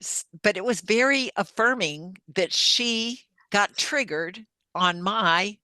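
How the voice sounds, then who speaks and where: In a slow, sharp-toned, mid-range voice, an older woman tells a personal story as a podcast guest. She's earnest and vivid, performing the dialogue as she goes, and the recording is dry.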